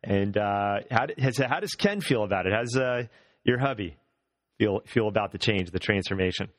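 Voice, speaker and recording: A man's voice: on the low side, expressive, normal speed, dry recording, studio quality. A man hosting a casual health interview, upbeat and encouraging, repeating words as he talks. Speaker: host.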